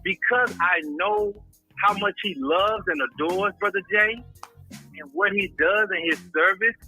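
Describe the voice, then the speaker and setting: A man's voice: sits high, measured pace, soft background music, low-quality recording. A man giving an impassioned, preacher-like testimony, calling people brother and using religious phrasing. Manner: preacher-like, grows louder and intense. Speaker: guest recounting a friend's illness. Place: at home in Houston.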